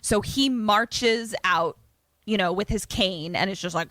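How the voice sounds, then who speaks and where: A woman co-hosting a casual podcast, retelling a film plot in an animated way with quick asides and laughs. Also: mid-range voice, dry recording. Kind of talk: casual chat.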